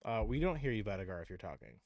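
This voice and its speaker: A man's voice: fairly low pitch, sing-song, fast talker, a little mellow, dry recording. A man narrating as game master in a casual, laughing storytelling way.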